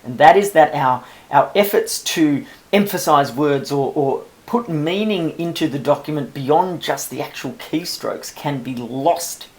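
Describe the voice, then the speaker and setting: A man, a publisher, talking new authors through a screen-recorded software tutorial in a relaxed, chatty and self-amused way. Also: on the high side, a little slow, few pauses.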